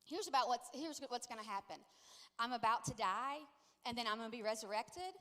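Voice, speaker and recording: Woman preacher voicing Jesus, gentle teacher. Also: on the high side, animated, a little fast. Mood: earnest. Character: Jesus, calm man teaching his followers. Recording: long echo of a large church hall.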